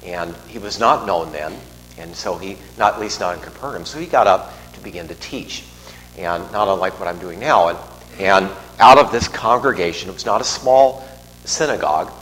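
Low-voiced priest in a reverberant church. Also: male voice, normal speed, a bit bright. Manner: conversational, digressive, with restarts and asides. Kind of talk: homily. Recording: long reverb in a large church, faint hum.

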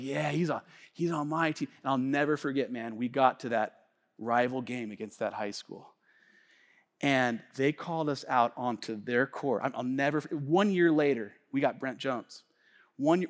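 A male pastor preaching a sermon in a casual, slangy storytelling manner that swings between hushed asides and loud outbursts. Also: on the high side. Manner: casual slangy talk, many fillers and restarts. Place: church sanctuary. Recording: long reverb of a large church hall.

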